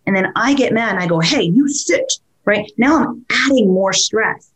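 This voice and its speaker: A woman and dog trainer talking casually, lively, who keeps acting out what a dog or its owner would say. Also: mid-range voice, normal speed. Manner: animated, acts out dog and owner voices. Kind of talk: conversational podcast talk.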